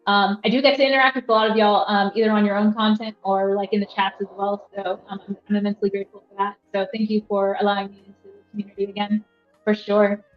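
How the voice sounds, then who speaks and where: A woman's voice: medium pitch, little pitch movement, fast, faint music behind. A young woman hosting a casual livestream, rambling with lots of fillers and reading chat aloud from a rented apartment. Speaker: livestream host. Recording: roomy, slightly dull sound.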